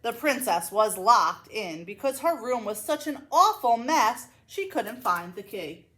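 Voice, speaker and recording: A woman librarian reading a children's picture book aloud, expressive and playful, with asides to young listeners. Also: on the high side, unhurried, slight background noise. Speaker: school librarian.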